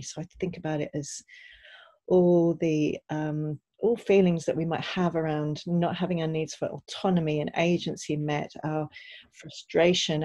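A woman with a husky, mellow voice and a gravelly edge speaks as a podcast co-host. She explains ideas in an earnest, thoughtful way. The sound is close and dry. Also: deep voice, dry recording. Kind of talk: casual podcast conversation.

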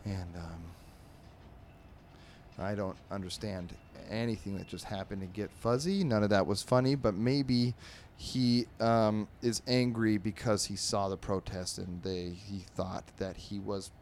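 Man, podcast host, comedy monologue, rambling, halting, lowish voice. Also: fairly even intonation, a little mellow, slight background noise. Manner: halting, full of ums and restarts. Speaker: podcast host reviewing comic strips.

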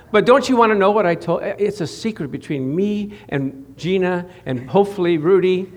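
A man preaching a lively sermon to a small congregation, calling for responses and chuckling between points. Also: high voice, a little slow. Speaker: pastor.

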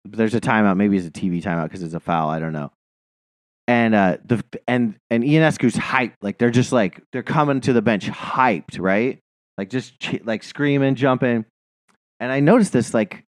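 A man's voice: lowish voice, no echo, studio quality. A man co-hosting a podcast in casual chat, ranting heatedly with lots of profanity and rambling fillers. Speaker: podcast co-host.

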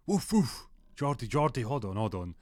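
A man voicing a flustered young man who is trying to calm his barking dog, speaking in a hurried, exasperated way. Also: mid-range voice, no room sound, studio quality, voice pushed up, close to an everyday voice.

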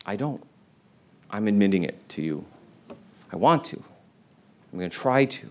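A man's voice: lowish voice, lively intonation, moderate pace. A man preaching an informal sermon to a congregation in a room, earnest and conversational, often restarting his phrases. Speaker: pastor.

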